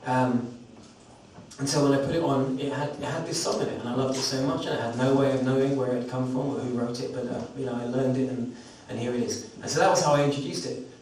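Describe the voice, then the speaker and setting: A man's voice: medium pitch, steady tone, fast, darkish tone. A man telling a rambling, self-deprecating story to introduce a song to a small audience during a live performance in a recording studio. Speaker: singer-songwriter performing live. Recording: roomy, distant live recording with background noise.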